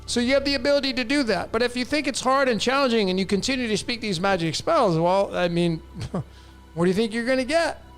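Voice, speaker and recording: A man's voice: very high-pitched, expressive, a little fast, a bit bright, clean tone, soft background music. A man hosting a live stream, answering viewer questions in a blunt, emphatic way and often repeating his phrases. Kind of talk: casual live-stream talk.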